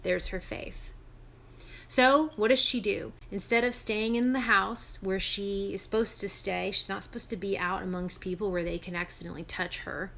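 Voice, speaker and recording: A woman teaching other women, retelling a Bible story in an animated, emphatic, chatty way. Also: mid-range voice, moderate pace, gravelly.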